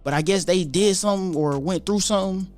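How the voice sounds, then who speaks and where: Young man, casual storyteller, slangy and animated, light music bed. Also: high-pitched, brisk. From Atlanta, USA. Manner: animated, profane street slang, acts out quoted voices. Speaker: YouTuber telling his story.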